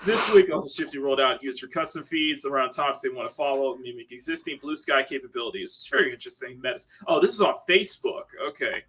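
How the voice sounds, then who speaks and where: Dude hosting a stream, bright voice kinda husky, laughs a lot, reads chat out loud. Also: male voice, mid-range voice, fast talker, hardly any pauses. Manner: chatty, laughs often, reads chat aloud. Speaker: livestream host. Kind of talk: casual chat.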